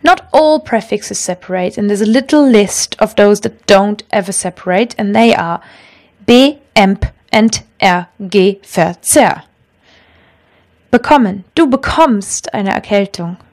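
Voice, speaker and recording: A woman teaching a language lesson, explaining grammar rules patiently and clearly and reading out example sentences. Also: mid-range voice, animated, a little slow, a little mellow.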